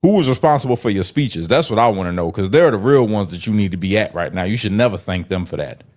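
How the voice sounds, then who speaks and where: A man's voice: fairly low pitch, animated, quick pace, darkish tone. A man talks back to a clip he is watching, mocking it in blunt, profane street slang. His delivery is loose and conversational, and he interrupts whenever the clip annoys him. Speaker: streamer reacting to a clip. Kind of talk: casual reaction commentary.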